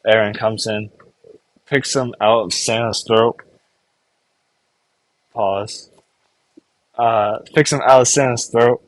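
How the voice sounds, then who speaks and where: Casual male reviewer, middle pitch, dry sound, loose filler-heavy storytelling that slips into quick character bits. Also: dry recording. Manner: rambling, filler-heavy, full of "like"; briefly acts out characters' lines. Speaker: anime reviewer. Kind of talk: casual episode recap.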